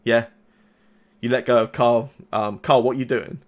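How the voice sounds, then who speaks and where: A male game master narrating a tabletop role-playing game. He talks in a halting way, often restarting his sentences. His voice sits at an ordinary middle pitch. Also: steady tone.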